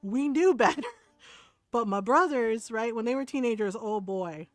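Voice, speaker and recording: A woman's voice: fairly high pitch, lively intonation, moderate pace, no room sound. A middle-aged woman streamer telling family stories casually while gaming, laughing often and swearing freely.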